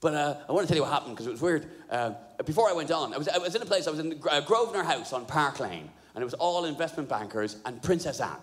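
A man doing a stand-up comedy set, sweary and animated, laughing at his own jokes. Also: on the high side, fast, hardly any pauses. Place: live comedy venue. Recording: live venue, roomy hall echo, crowd noise.

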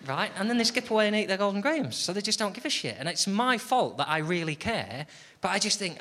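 A man's voice: sits high, big pitch swings, normal speed, slight background noise. A man performing a stand-up comedy routine, slipping into an exaggerated sing-song voice when he mimics how he talks to his housemates. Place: comedy venue with a laughing audience. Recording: live comedy club recording with loud audience laughter. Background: loud audience laughter.

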